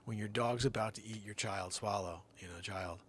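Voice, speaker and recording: A man's voice: on the low side, steady tone, normal speed, fairly bright tone, slight background noise. A middle-aged man hosting a comedy show, spinning a rambling tall-tale monologue with theatrical jumps in voice.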